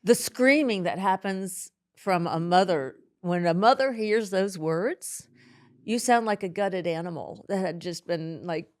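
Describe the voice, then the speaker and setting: Halting, emotional middle-aged woman. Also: fairly low pitch. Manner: halting, emotional, many restarts. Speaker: podcast guest. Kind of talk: emotional interview.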